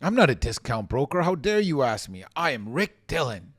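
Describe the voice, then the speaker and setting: A man's voice: mid-range voice, big pitch swings, normal speed, a bit bright, breathy edge, no echo. Man doing a pompous bragging realtor, indignant, showy, dry close sound. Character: arrogant boastful male realtor showing off.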